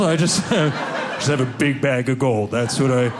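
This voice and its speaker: A man performing a stand-up comedy routine, telling stories with animated delivery and acting out other people's voices. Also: high voice, normal speed, noisy background. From Seattle area.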